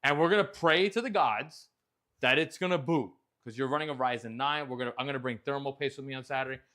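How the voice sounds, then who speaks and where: A man's voice: mid-range voice, quick pace, fairly bright tone. A man, hosting a casual chat show and telling a story with a lot of animation and frequent swearing. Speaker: host.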